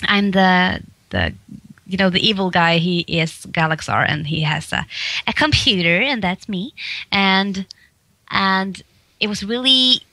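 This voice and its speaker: Swedish lady voice actress, chatty and giggly, bright crisp voice, dry sound. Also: medium pitch, measured pace, no room sound. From Sweden. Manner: giggly, chatty, with frequent laughs and restarts. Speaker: voice actress and comedian guest. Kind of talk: casual interview chat.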